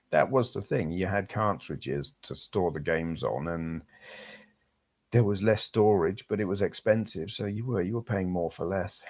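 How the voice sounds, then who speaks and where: Deep-voiced English man chatting on stream. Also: darkish tone, breathy edge. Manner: rambling, chatty, reads out viewer comments. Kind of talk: casual live-stream chat.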